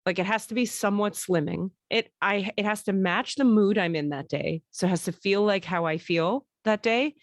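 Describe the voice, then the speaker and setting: A woman's voice: mid-range voice, moderate pace, few pauses, dry recording. Chatty woman podcast host, dry close sound. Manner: chatty storyteller, swears, laughs often. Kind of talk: casual chat.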